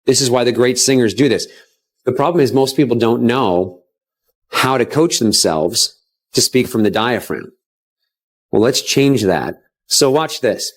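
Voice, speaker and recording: A man's voice: medium pitch, lively intonation, unhurried. A man who sounds like a voice coach, talking confidently in an instructional clip and explaining each step.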